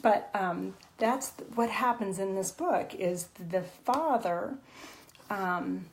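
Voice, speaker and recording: A woman's voice: medium pitch, slow, a little mellow, slight background noise, poor audio. A woman author guest on a video call, earnestly sharing an emotional personal testimony, tearful at times, with many fillers and restarts.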